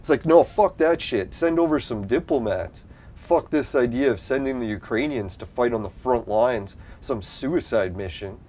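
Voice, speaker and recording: A man's voice: medium pitch, moderate pace, a little mellow. A young adult man from Canada, chatting casually and profanely on a live stream, rambling and laughing often.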